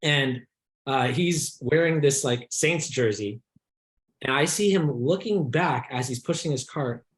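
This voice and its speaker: A man hosting a podcast, telling an anecdote in casual chat, excitable and laughing often as he acts out the people in it. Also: mid-range voice, a little slow, roomy sound. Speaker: podcast host. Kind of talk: animated storytelling in casual chat.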